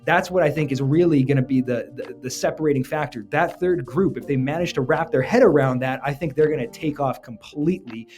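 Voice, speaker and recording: Male entrepreneur, 30s, high-ish voice, punchy motivational delivery with jokes, soft music bed. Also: fairly quick, few pauses. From Canada. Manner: energetic, joking, emphatic. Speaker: entrepreneur giving business advice. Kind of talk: motivational business talk to camera.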